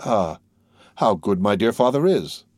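A man's voice: fairly low pitch, very animated, measured pace, darkish tone, no room sound, studio quality. A man voicing an eager young man in an audiobook, raising his voice for the part.

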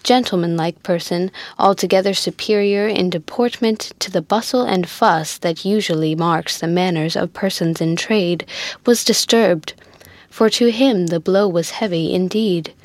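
A woman narrating a classic sea novel in a measured, even audiobook reading. Her voice sits in a middle pitch, and the recording is dry and close. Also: no room sound.

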